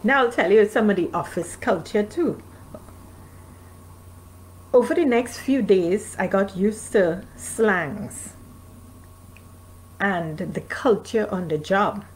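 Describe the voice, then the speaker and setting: The author, a North American woman, reads her memoir aloud at home for a live stream, pausing at times to talk with listeners. Her medium-pitched voice has a darkish tone, and a faint hiss or hum runs through the low-quality recording.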